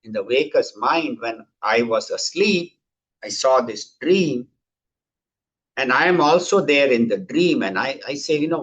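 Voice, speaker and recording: A man's voice: mid-range voice, lively intonation, a little slow, a bit bright, muffled recording. A man teaching a scripture class, telling stories and acting out the characters in them. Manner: storytelling, acts out quoted characters. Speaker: spiritual teacher.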